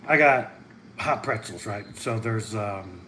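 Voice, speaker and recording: A man hosting a livestream, chatting casually, excitable and rambling, hopping from topic to topic and reading out viewer comments. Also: lowish voice, takes it slowly, background noise. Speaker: channel host reading live chat.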